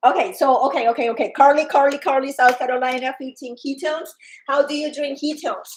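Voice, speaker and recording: A woman from Colombia with a Colombian Spanish accent, chatting casually and excitedly about a wellness product, acting out customers' lines. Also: high-pitched, brisk, slight background noise, rough recording. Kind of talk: casual livestream chat.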